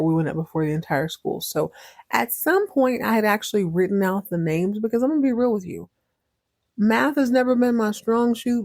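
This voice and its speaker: A woman in her thirties recaps a soap opera on her podcast with playful sarcasm and chatty digressions. Her voice is mellow and dark-toned, recorded dry and close. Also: mid-range voice, no echo. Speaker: podcast host.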